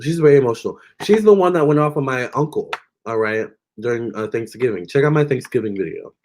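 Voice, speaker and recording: A man's voice: mid-range voice, expressive, fast talker, noisy background. A young man hosting a live tarot stream, chatting casually and reading out viewers' comments with lots of fillers and restarts.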